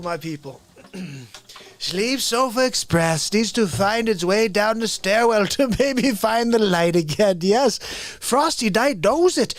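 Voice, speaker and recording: A man's voice: sits high, no room sound. A man hosting his livestream, rattling off rambling banter. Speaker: livestream host. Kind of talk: casual livestream chat.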